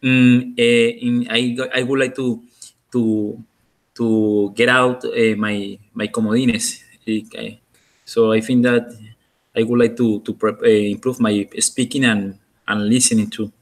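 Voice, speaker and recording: A man's voice: mid-range voice, flat delivery, measured pace. A male student whose first language is Spanish, answering hesitantly in an online English class and searching for words between many fillers. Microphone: video call.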